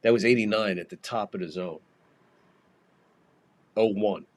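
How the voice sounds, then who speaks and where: A man's voice: on the low side, measured pace. A man hosting a podcast and calling a baseball game live, in a profane, rambling, jokey way. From United States. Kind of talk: casual live game commentary.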